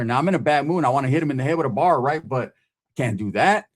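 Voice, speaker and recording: A man's voice: medium pitch, fast talker. A middle-aged man from California telling a profane story in casual talk, often checking in with "right?". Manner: profane, animated, keeps asking "right?".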